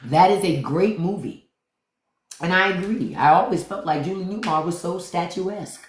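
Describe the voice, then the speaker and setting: Woman, livestream host, blunt, profane, repeats herself, lowish voice. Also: moderate pace, reverberant. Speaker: podcast host. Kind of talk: livestream commentary to viewers.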